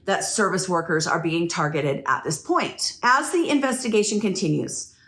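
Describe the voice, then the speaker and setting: A woman's voice: on the low side, lively intonation, moderate pace, a bit bright, roomy sound. A woman hosting a true crime show, telling the story casually and reacting with disbelief.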